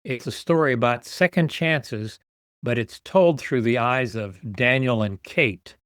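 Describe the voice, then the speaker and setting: An older man in his sixties speaks earnestly as a podcast guest, often repeating a word as he builds toward his point. His voice sits at a middle pitch for a man. The sound is close and dry. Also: unhurried, fairly bright tone, clean tone, no room sound. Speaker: guest, author and nonprofit founder. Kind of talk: podcast interview storytelling.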